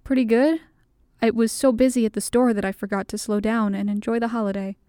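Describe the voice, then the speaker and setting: A woman's voice: a little high, steady tone, fairly quick, warm tone, clean tone, no echo, studio quality, close to an everyday voice. A woman reading the part of a shy, nervous man asking a woman out, in an earnest, polite way for a storybook. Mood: polite, eager. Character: shy middle-aged man, nervous suitor.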